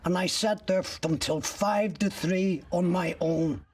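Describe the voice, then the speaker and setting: A man's voice: high-pitched, measured pace. An older man giving personal testimony in a documentary interview, retelling events step by step and acting out what others said. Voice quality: gravelly, husky. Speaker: interviewee recounting his arrest. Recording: voice picked up from a distance.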